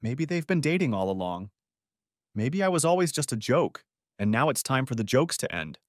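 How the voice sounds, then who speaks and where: A bitter, worn-down husband, voiced by a male reader, talks in a weary, self-mocking way. His pitch moves in lively swings, and the sound is dry and close to the mic. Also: moderate pace, dry recording, close to an everyday voice. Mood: resigned bitterness. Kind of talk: audiobook character voice.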